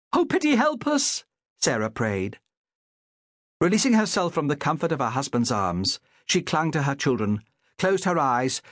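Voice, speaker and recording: A man's voice: medium pitch, dry recording, studio quality. A man reading an audiobook as narrator in a dramatic, vivid storytelling manner. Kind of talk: scripted narration.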